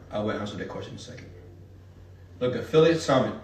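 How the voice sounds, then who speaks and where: A man teaching a live seminar, talking straight to the audience in an animated, hype-driven way. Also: on the low side, moderate pace, reverberant, recorded from a distance, slight background noise. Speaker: speaker teaching an online marketing seminar.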